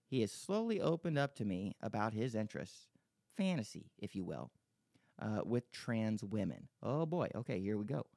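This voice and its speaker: A man's voice: lowish voice, sing-song, normal speed, gravelly, warm tone, no echo, studio quality. A man hosting a podcast, rambling and joking, swearing freely as he chats and reads listener emails. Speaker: podcast host. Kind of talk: casual podcast chat.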